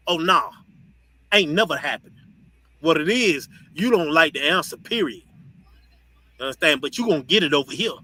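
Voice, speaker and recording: A man with a high, very bright voice delivers a preachy lecture to his listeners. He talks bluntly and profanely and keeps checking in with "you understand?". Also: animated, moderate pace, long pauses, low-quality recording. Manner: blunt, profane and scolding, laughs between points; asks "you understand?" often. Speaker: officer and teacher leading a group discussion. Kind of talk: preachy lecture to an online audience.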